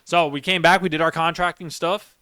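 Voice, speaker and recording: A man's voice: fairly high pitch, little pitch movement, a little fast, sharp tone, clear, resonant tone, dry recording, studio quality. A young man and former Marine sergeant who hosts a podcast. He tells stories in a rambling, emphatic way and swears heavily. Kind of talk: casual storytelling chat.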